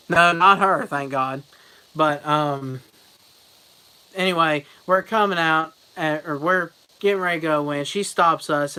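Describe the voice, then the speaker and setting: A young man with a fairly high, smooth voice tells casual stories to his audience in a rambling vlog, piling anecdotes together and chuckling at his own humor. Bright and forward, he breaks into loud, mocking voices, then drops back to normal talk, all on a low-quality recording.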